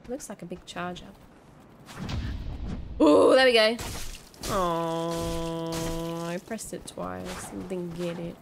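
A woman's voice: fairly low pitch, steady tone, slow pace, vocal fry, pauses often, slight background noise. A young woman giving let's play commentary, talking to the enemies and reacting aloud as she plays. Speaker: gaming video creator.

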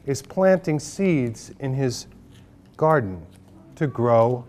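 A man's voice: medium pitch, takes it slowly, slight background noise. A man, a children's book author, reading his picture book aloud to an audience of children in a library, leading them in call-and-response. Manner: animated, leads call-and-response with the kids. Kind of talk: live storybook reading to children.

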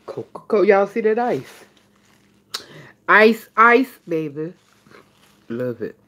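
A woman's voice: medium pitch, very animated, slow pace, a bit bright, dull audio. A woman vlogging in a casual live stream while eating, chatting straight to her viewers.

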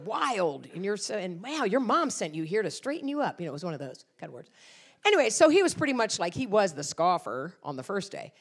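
A middle-aged woman preaching a sermon, telling stories with lots of acted-out quotes. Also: mid-range voice. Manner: animated storytelling with acted-out quotes. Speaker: guest speaker.

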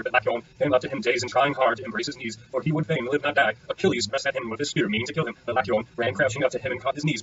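A man reading an epic poem aloud in a brisk, steady way with small stumbles. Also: mid-range voice. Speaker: audiobook reader. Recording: dull sound, distant from the mic.

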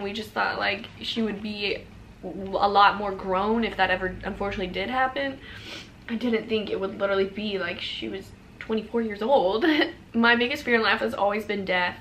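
A woman's voice: mid-range voice, slight background noise. A woman in her twenties talking casually and emotionally in a vlog, rambling a little and saying "like" often. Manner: rambling, heavy use of "like", soft and emotional. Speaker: vlogger.

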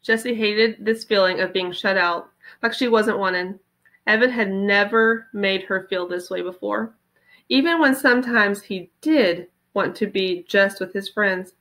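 A woman teacher reading a children's novel aloud with expressive storytelling. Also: medium pitch, a little slow.

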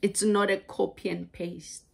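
A woman preaching a sermon, halting and repeating words as she goes. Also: medium pitch, level tone, creaky, slightly rough.

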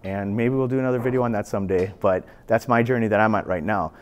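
A man's voice: lowish voice, fast. A man in his fifties giving a casual, earnest pool lesson, repeating phrases as he demonstrates his stroke. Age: 50s. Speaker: pool instructor. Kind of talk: casual instructional talk. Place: billiard club.

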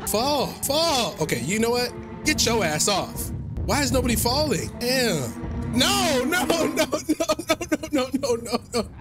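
A man giving casual, excitable gameplay commentary, loud and profane, with plenty of slang. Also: extremely high pitch, a little slow, over loud music. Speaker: gaming YouTuber.

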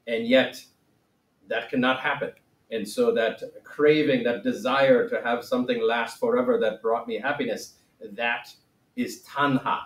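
A man's voice: medium pitch, natural voice. A man voicing a solemn, wise ancient male sage in a put-on accent with broken grammar, teaching a playful lesson. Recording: roomy echo, mic at a distance.

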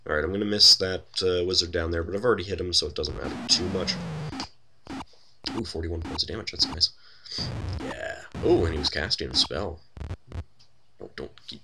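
A man with a very low, gravelly voice that has a bright edge, commenting casually on a computer role-playing game. He thinks aloud with a wry tone and fills his talk with ums and uhs. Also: normal speed, long pauses, a little hiss or hum. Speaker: let's play host.

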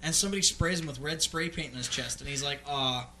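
A man's voice: fairly high pitch, fast talker, pushed and bright, slight background noise. Rambling male co-host telling stories. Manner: rambling storyteller, acts out characters. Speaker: radio show co-host. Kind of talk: casual studio banter.

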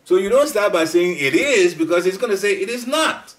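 A middle-aged man giving a devotional class talk in a storytelling way, laughing at times and jumping up in pitch. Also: lively intonation, a little fast. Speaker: speaker at a devotional study group. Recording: voice picked up from a distance.

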